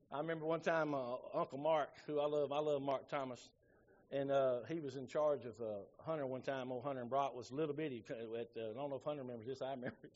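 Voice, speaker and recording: A man's voice: medium pitch, fast, highs cut off. A middle-aged man, preaching a sermon in a folksy storytelling way. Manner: folksy storytelling with Southern phrasing. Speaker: pastor.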